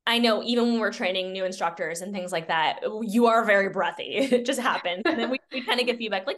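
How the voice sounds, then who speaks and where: A woman's voice: mid-range voice, fast talker, few pauses, fairly bright tone. A young woman, a cycling studio owner, answering interview questions in a casual, upbeat way with frequent laughs. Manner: upbeat, laughs often, filler-heavy.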